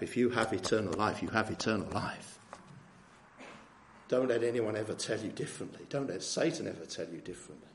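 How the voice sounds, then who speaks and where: A man's voice: lowish voice, normal speed, slight background noise. A man preaching a sermon in a conversational way, often asking tag questions of his listeners. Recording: echoey room.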